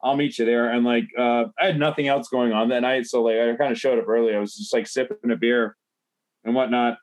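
A man's voice: medium pitch, steady tone, brisk. A man telling a bar story in casual chat, rambling and profane with many fillers. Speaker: guest.

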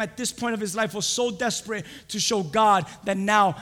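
A man preaching a sermon as pastor, swinging from loud, shouted lines to hushed whispers. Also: high-pitched, moderate pace, few pauses. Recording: long hall reverb.

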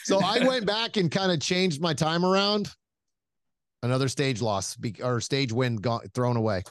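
A man hosting a casual chat, telling stories in an animated, self-mocking way, swearing freely and laughing often as he talks. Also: mid-range voice, moderate pace, dry recording, clean studio sound. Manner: laughs often while talking. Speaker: podcast host.

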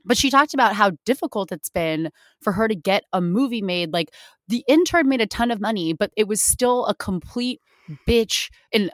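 A young woman co-hosting a casual film podcast, animated and playfully sarcastic, laughing often. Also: medium pitch, moderate pace, no echo, studio quality. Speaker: podcast co-host. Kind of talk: casual chat about films.

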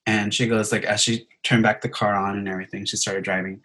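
Bright-voiced young man telling a story. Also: fairly low pitch, level tone, fairly quick, rough recording. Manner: rambling, heavy use of filler words. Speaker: podcast guest telling a story. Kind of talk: casual storytelling chat.

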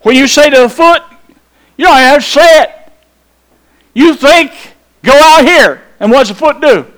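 A man's voice: very high-pitched, moderate pace, a bit bright. A pastor preaching a sermon, emphatic and drawn out, putting questions to his congregation.

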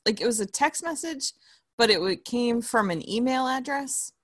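A woman's voice: a little high, expressive, moderate pace, dry recording, studio quality. A young woman from southern California, co-hosting a casual chat who tells stories and laughs often.

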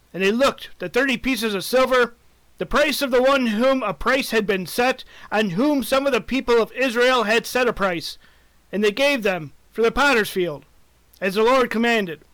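A man reading scripture as a mock news report, with a steady, announcer-like delivery. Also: extremely high pitch, no echo. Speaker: mock newscaster and scripture reader.

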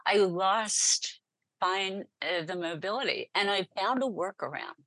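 A middle-aged woman telling a personal story as a guest, animated and laughing often as she acts out what was said. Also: mid-range voice, a little slow, no room sound. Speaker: podcast guest. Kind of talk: storytelling in an interview.

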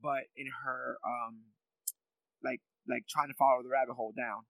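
A man's voice: mid-range voice, flat delivery, moderate pace, gravelly, a bit bright, dry recording, low-quality recording. A man co-hosting a casual chat reviewing a TV series, talking in a thoughtful, reflective way with many filler ums. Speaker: podcast co-host.

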